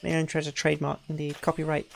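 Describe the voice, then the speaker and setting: A woman with a low, creaky voice streams a game and talks rapid-fire with a completely flat delivery. She chats casually with her chat and makes self-deprecating jokes while playing. A little hiss or hum is audible.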